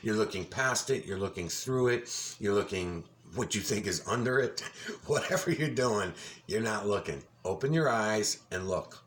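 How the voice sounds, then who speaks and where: Angry, profane, low-voiced man. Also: expressive, normal speed, a bit bright. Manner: insistent, repeats himself. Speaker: video commentator. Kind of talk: casual commentary over a video.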